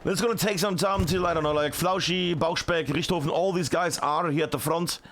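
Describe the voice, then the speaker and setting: A man giving live play-by-play commentary on a video game match, chatty and excitable with many fillers. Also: fairly high pitch, brisk, slight background noise. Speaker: esports caster.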